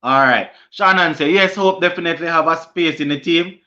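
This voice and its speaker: A man's voice: fairly high pitch, a little fast, pushed and bright. A young man with a Jamaican accent hosting a cricket live stream, reading viewer comments aloud and answering them in a casual way. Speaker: sports channel host. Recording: lo-fi stream audio.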